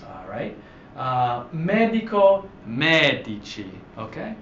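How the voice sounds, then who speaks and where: Male language teacher, patient and halting, stretches out examples; echoey, dull, slightly hissy recording. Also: mid-range voice, very animated, a bit bright. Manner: patient, explains slowly with many fillers and restarts; stretches out example words for emphasis. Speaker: Italian teacher. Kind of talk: slide-based grammar lesson. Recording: echoey room, dull audio, faint hiss.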